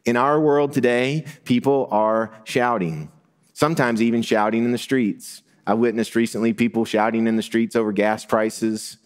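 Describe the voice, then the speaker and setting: A man's voice: fairly low pitch, smooth. Man preaching in a conversational way. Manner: conversational preaching with rising emphasis and light laughs. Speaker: pastor. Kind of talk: sermon.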